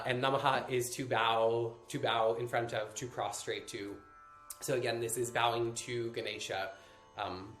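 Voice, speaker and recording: A man's voice: medium pitch, fairly bright tone. Man teaching mantras in a roomy space. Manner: patient, explains pronunciation step by step; hesitant, many fillers and restarts. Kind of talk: live-streamed workshop teaching.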